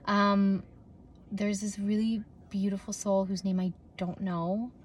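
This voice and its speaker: A woman's voice: medium pitch, level tone, slow, slight background noise. A young adult woman vlogging casually from her car, rambling with lots of fillers and restarts, recorded on a propped-up phone. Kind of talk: casual vlog chat. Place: in a parked car.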